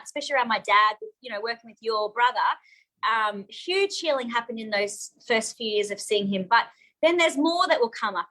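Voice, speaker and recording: A woman's voice: on the high side, sharp tone, rough recording. A woman, a therapist telling her personal story openly and emotionally as a guest in a live interview. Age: 40s.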